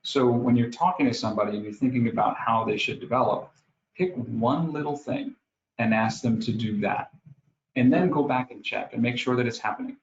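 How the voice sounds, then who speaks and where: A man from New York with a New York accent, a guest speaker telling lively stories in a webinar talk. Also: fairly quick. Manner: lively storytelling, acts out scenes with rising pitch. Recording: roomy, dull lo-fi audio with faint ambience.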